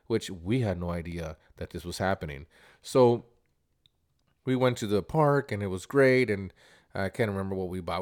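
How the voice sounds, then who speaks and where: Man telling a rambling travel story. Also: lowish voice. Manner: animated, rambling, repeats words. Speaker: vlogger.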